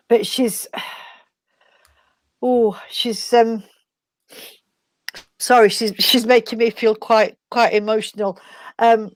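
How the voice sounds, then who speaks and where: A woman giving an emotional mediumship reading, speaking in a halting, tender way and calling the listener sweetheart. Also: a little high, a little mellow, no room sound. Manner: halting, tender, full of endearments. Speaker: spiritualist medium.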